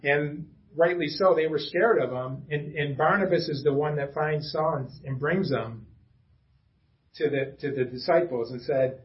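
Chatty pastor, slightly high, lo-fi. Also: male voice, normal speed. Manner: casual and chatty, with self-deprecating asides and frequent restarts. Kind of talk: conversational sermon. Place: church room with a small congregation.

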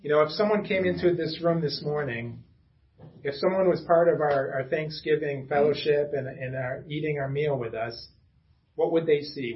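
Chatty pastor, slightly high, lo-fi. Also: male voice, moderate pace. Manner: casual and chatty, with self-deprecating asides and frequent restarts. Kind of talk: conversational sermon. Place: church room with a small congregation.

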